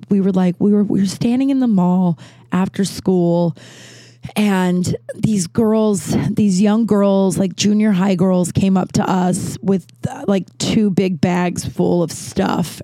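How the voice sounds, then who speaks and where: A woman's voice: mid-range voice, steady tone, unhurried, dark tone, no room sound. A woman casually telling a personal story at home, rambling with many fillers and restarts and swearing now and then. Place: at home with a cat nearby.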